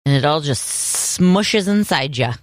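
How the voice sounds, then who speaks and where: A woman co-hosting a casual podcast, chatty and quick to laugh. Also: low voice, animated, no echo. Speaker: podcast co-host. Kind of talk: casual chat.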